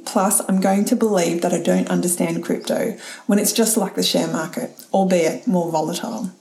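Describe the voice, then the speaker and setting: A middle-aged woman hosts a reflective solo talk, her voice mellow and relaxed. She is candid and chatty, with easy laughs and casual swearing, heard in a roomy space. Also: medium pitch, gravelly.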